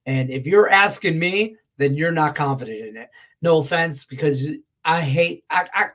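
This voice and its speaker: Middle-aged male handicapper, pitched a bit high, blunt, cursing, loose and rambling. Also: normal speed, a bit bright. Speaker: sports betting handicapper. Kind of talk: casual betting-picks show talk.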